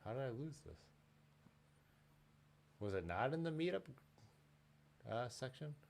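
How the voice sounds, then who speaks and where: A man hosting a live stream in casual chat, excitable and jumping between topics, laughing often. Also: medium pitch, measured pace, gravelly, a little hiss or hum. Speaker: livestream host.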